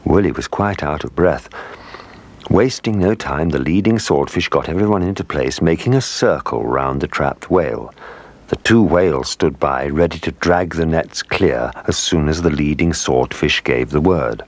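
A man narrating a children's story with expressive storytelling. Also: rumbling low, normal speed.

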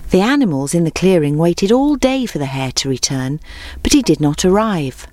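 Female storybook narrator, lowish voice, measured and clear, dry booth sound. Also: big pitch swings, a little mellow, no echo.

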